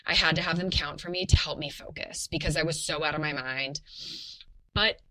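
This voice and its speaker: A young woman sharing her birth story on a podcast, animated and full of fillers, laughing often. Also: sits low, a little fast, noisy background. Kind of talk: casual personal storytelling.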